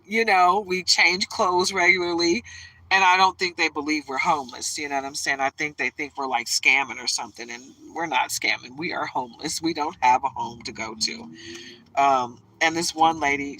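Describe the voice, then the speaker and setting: A woman's voice: deep voice, normal speed, bright, forceful tone, poor audio. A woman who reads tarot, chatting casually and emotionally on a livestream from inside a parked truck.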